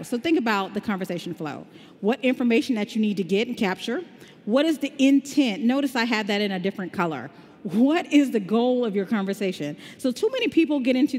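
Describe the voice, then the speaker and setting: A woman's voice: on the high side, darkish tone. A woman from the American South with a slight Southern drawl, giving an upbeat, conversational tech conference talk. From Southern United States. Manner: upbeat, conversational, explaining step by step. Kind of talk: conference talk with live demo. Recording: long hall reverb.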